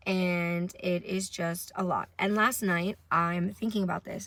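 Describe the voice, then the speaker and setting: A woman's voice: lowish voice, steady tone, measured pace, hardly any pauses, fairly bright tone. A young woman, tired from little sleep, telling a rambling, profane story to camera in a casual vlog. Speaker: vlogger.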